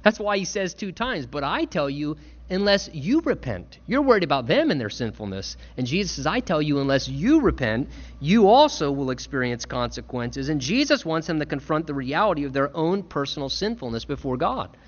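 A man's voice: fairly high pitch, sing-song, moderate pace, muffled recording. A man preaching a sermon, earnest and emphatic, stressing points through repetition. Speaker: pastor.

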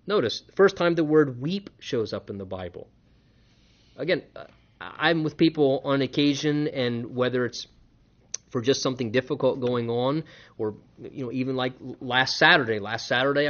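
A man, a pastor preaching a sermon in an earnest way, dropping to a hush and then rising to stress a point. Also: mid-range voice. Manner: earnest, swings between hushed and emphatic. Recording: dull lo-fi recording.

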